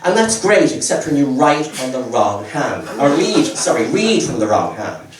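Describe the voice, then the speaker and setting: A man's voice: medium pitch, sing-song, moderate pace, a crowd in the background. A man, rambling and stammering with self-mocking asides. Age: 70s. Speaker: stand-up comedian. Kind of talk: stand-up comedy set. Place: comedy club stage. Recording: roomy live audio from far off. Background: audience laughter.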